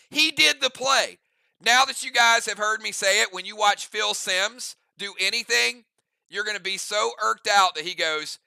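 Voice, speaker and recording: A man's voice: sits high, moderate pace, gravelly, bright, forceful tone, dry recording. A man running an online role-play game as game master, narrating moves in a casual, chatty way with rambling asides.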